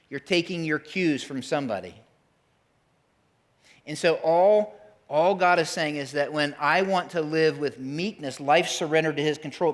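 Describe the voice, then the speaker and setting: A man's voice: a little high, fairly bright tone. A middle-aged man preaching a sermon as pastor in a church, in a conversational, emphatic way. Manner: conversational, emphatic, acts out quick voices.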